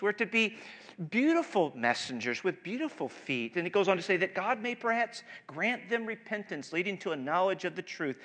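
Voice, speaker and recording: A male pastor preaching a sermon, animated and emphatic, with frequent restarts and swings between loud and soft. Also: high voice. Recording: long hall reverb.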